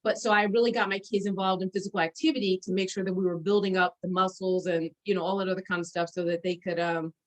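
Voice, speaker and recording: A woman in her forties telling old stories in a casual conversation, animated and often breaking into laughter, with lots of fillers. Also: lowish voice, fast talker, hardly any pauses, rough recording. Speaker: guest sharing memories.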